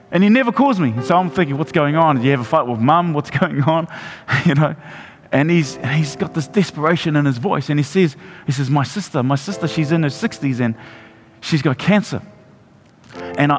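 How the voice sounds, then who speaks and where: A man, a pastor preaching a sermon and telling a personal story, often restarting and repeating his words. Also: on the high side. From New Zealand. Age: 40s. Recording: long hall reverb with music behind.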